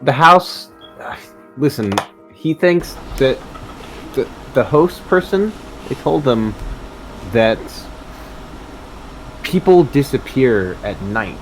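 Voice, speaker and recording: A man's voice: medium pitch, expressive, slow pace, long pauses, soft background music, rough recording. A man playing a tabletop role-playing game, joking in character and insisting on his ideas. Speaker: player.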